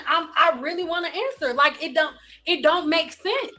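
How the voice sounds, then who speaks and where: A woman's voice: very high voice, expressive, normal speed, pushed and bright, soft background music. A woman hairstylist hosting a live stream, giving blunt, insistent advice and repeating pointed questions.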